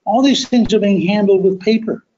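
A man hosting a podcast, telling a history story as a deliberate, emphatic monologue that stretches key words. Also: sits high, mellow, lo-fi sound. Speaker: podcast host.

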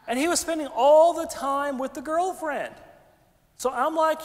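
A man, a pastor preaching a conversational, animated sermon with folksy asides. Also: extremely high pitch, a little slow, pauses often. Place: large church sanctuary. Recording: long hall reverb.

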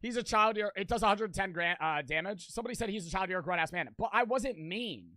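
A man's voice: sits high, animated, quick pace, bright, forceful tone, dry recording. A young man in his twenties streaming, chatting casually and rambling, swearing often and filling his talk with "like". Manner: rambling, swears a lot, fills with "like".

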